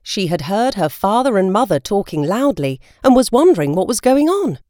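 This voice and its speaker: Woman storybook narrator; lilting, animated read, dry close mic. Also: mid-range voice, normal speed, hardly any pauses, dry recording.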